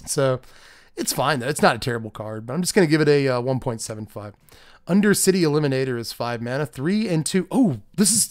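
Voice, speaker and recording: A man with a strained voice hosting a card game channel, reading card text aloud and rating each card in a chatty, self-deprecating way. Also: fairly high pitch. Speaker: card game channel host reviewing a set. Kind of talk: casual solo review talk.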